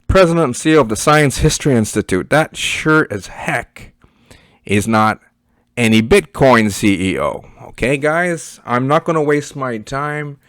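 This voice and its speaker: A man's voice: medium pitch, animated, unhurried, fairly bright tone, clear, resonant tone, dry recording, clean studio sound. A Canadian man giving a casual, blunt screen-share review as an online business reviewer, chatty and often tagging "okay" and "right?".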